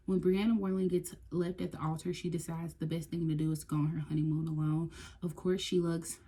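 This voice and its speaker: A woman chatting casually and excitedly about books she bought, sometimes reading blurbs aloud. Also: lowish voice, breathy edge. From United States. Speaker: book vlogger. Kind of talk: casual book haul chat.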